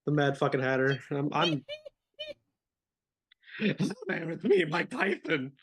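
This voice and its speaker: A man's voice: a little high, huge pitch swings, takes it slowly, fairly bright tone, slight background noise, exaggerated voice. Man doing a brash, foul-mouthed boxer. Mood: belligerent. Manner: profane, boastful threats.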